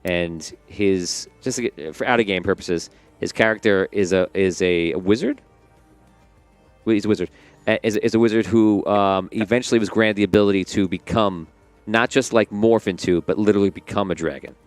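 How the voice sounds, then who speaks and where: Low-voiced man running a tabletop game. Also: moderate pace, faint music behind. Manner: rambling, relaxed, with fillers and restarts. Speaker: game master.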